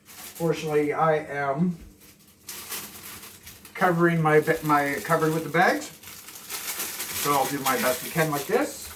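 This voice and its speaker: A man from Canada, chatting calmly and softly to the camera while cooking in his home kitchen, rambling off into asides. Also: on the high side, background noise. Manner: deliberately soft and calm, rambling asides. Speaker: cooking vlogger. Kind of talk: casual cooking chat to camera. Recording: echoey kitchen, mic from far off.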